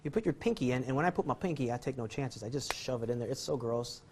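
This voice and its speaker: A man's voice: medium pitch, fast, noisy background. A man teaching card magic in a casual demonstration, rambling, jokey and self-deprecating, chuckling often. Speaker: magic instructor. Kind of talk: casual card-trick tutorial.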